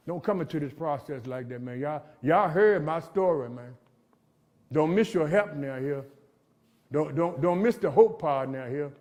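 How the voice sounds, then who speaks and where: A middle-aged man shares his recovery story at a jail gathering, using street slang and closing his lines with "man." His voice is fairly high, a little slow, and somewhat dark in tone, fitting a motivational recovery talk.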